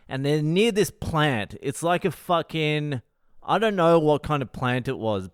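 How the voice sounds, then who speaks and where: A man's voice: medium pitch, a bit bright, clean tone, dry recording, studio quality. A man hosting his own podcast, telling a story in a profane, exasperated way. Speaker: comedian podcast host. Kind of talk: solo storytelling monologue.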